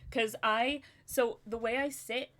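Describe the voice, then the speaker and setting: A woman hosting a casual livestream chat, talkative and quick to laugh, often talking to herself as she goes. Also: a little high, steady tone, fairly bright tone. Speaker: livestream host.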